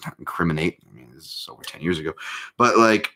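A man's voice: sits low, fast talker, sharp tone. A man hosting a live MMA chat, talking casually in a rambling, self-interrupting way with lots of fillers and self-deprecating jokes.

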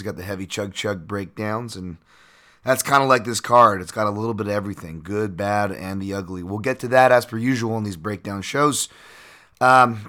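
A man hosting his own podcast with a raspy voice, rambling casually with fillers and self-corrections. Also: on the low side, fairly bright tone. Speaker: podcast host.

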